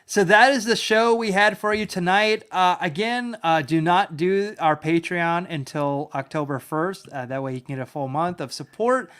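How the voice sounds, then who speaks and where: A man with a high voice hosts a casual podcast and signs off the show. His talk is halting, with fillers and restarts. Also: fairly bright tone, clean tone. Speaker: podcast host. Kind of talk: casual chat.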